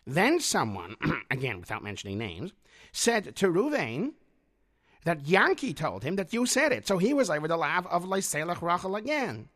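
A performer voicing a patient old grandfather in a children's drama, speaking in a gentle, measured, lecturing way. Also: medium pitch, sing-song. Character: patient old grandfather teaching his boys. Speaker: grandfather, Zadie.

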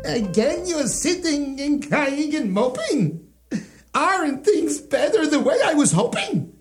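A giggling, kindly peddler from a children's storybook, as a man puts him on, his voice pitched well above the teller's own. He teases and chuckles almost through every line, soft and a little choked with mirth. Music plays beneath. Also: sing-song, takes it slowly, echoey room, full character voice. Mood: teasing. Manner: laughing, teasing, high and breathy-weepy with mirth. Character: jolly old male yarmulke peddler, kindly trickster. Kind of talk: children's rhyming storybook audio. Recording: music playing behind.

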